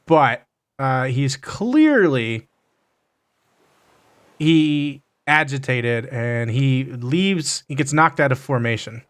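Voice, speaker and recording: A man narrating a tabletop game as game master, halting with fillers and restarts. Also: mid-range voice, animated, a bit bright.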